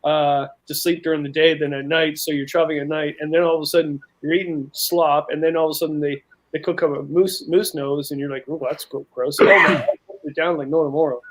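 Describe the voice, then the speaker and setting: A man's voice: on the high side, flat delivery, fast talker, a little hiss or hum, poor audio. A man telling long, rambling outdoor stories in a casual panel chat, with frequent restarts. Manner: rambling storyteller, many restarts.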